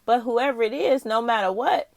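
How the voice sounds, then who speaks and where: A woman's voice: a little high, moderate pace, gravelly, a little mellow, no echo. A woman doing a casual tarot reading, talking straight to the viewer, candid and profane, musing aloud. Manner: candid and profane, with frequent laughs. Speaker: tarot reader.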